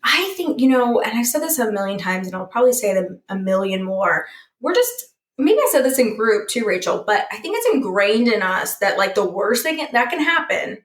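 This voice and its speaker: A young woman hosts a casual, conversational podcast, speaking in a heartfelt, chatty way and peppering her talk with "like." Her voice is a little high with big pitch swings, delivered at a moderate pace. The room is echoey.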